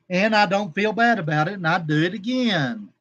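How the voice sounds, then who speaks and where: A man's voice: high voice, animated, measured pace, background noise. A man hosting a casual livestream, rambling and combative with coarse language, calling out chat viewers by name. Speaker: livestream host.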